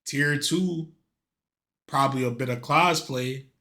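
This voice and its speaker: A man's voice: mid-range voice, takes it slowly, pushed and bright. A man casually commenting on a video as a streamer, slangy and joking.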